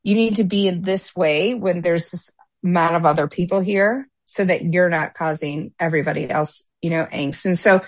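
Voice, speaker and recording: Rambling woman chatting casually, slightly low voice. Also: normal speed, no room sound. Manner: rambling, filler-heavy, lots of "like" and restarts. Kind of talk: casual chat.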